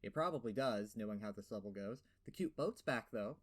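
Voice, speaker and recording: A man's voice: lowish voice, lively intonation, fairly quick. A young man with a lisp giving a sarcastic, profane game review voiceover, full of fillers and rants. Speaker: gaming video host.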